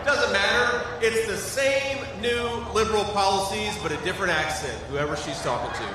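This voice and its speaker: A man's voice: high-pitched, moderate pace, hardly any pauses. A man giving a sarcastic, mocking political monologue. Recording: echoey, distant, noisy.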